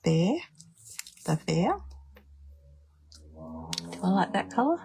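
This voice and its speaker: A woman's voice: fairly low pitch, big pitch swings, slow, vocal fry, pauses often, dark tone, husky. A woman demonstrating card making on a live stream, chatting and thinking aloud as she decides. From Australia. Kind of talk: live crafting stream chat.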